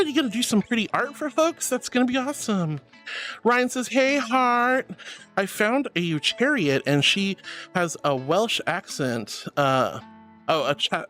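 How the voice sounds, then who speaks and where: A woman streamer reading out chat messages, affectionate and giggly, calling viewers darling and honey. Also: lowish voice. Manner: laughs often. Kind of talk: casual live-stream chat.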